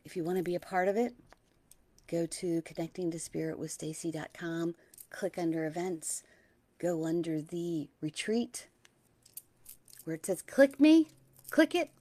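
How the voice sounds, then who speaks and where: A middle-aged woman hosting a spiritual talk, gentle and dreamy, slowing on key words and sometimes dropping to a hush. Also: on the low side, no echo. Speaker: spiritual teacher and host. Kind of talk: soft-spoken spiritual talk.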